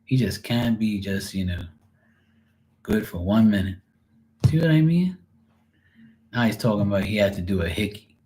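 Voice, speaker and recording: A man with a lowish voice hosts a tarot reading livestream. He chats in a loose, profane way, jokes with his viewers, and laughs often. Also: animated, moderate pace, long pauses, dark tone, slight background noise. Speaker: tarot reader. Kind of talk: casual livestream chat.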